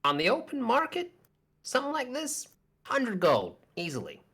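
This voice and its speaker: Brash male merchant, a woman putting him on, loud, pushy, lively pitch. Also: normal speed, breathy edge, heavily acted. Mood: wheedling.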